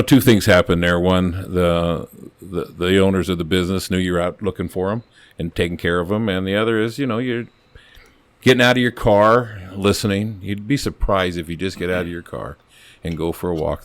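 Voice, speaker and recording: An older man, a retired police officer, chatting as a podcast guest in an earnest, halting way, often restarting his sentences. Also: sits low, fairly even intonation, dry recording. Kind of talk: casual storytelling chat.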